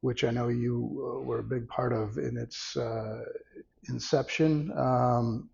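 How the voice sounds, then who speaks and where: A middle-aged man with a gravelly, creaky voice, co-hosting a casual podcast. He speaks haltingly, pausing often on filler words. The sound is somewhat dull and lo-fi. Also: medium pitch, steady tone, a little mellow. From Boston, USA. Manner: hesitant, halting, with many fillers. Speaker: podcast co-host. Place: studio.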